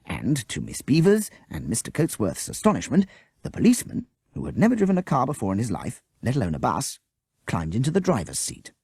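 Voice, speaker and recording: A man narrating a children's storybook audiobook with expressive delivery. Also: medium pitch, a little fast, gravelly, breathy edge. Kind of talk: storybook reading.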